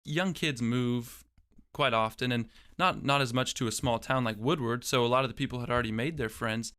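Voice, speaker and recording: A man's voice: medium pitch, brisk, sharp tone, clear, resonant tone. A young man, a guest in an interview, telling his own story in a reflective way and often restarting his phrases. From Oklahoma, USA. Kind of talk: casual personal storytelling.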